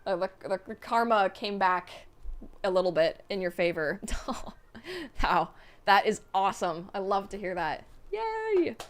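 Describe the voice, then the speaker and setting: Excitable woman streamer, gushing over fan messages, laughs a lot, casual. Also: mid-range voice, moderate pace. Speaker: streamer reading donations and chat. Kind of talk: casual livestream chat.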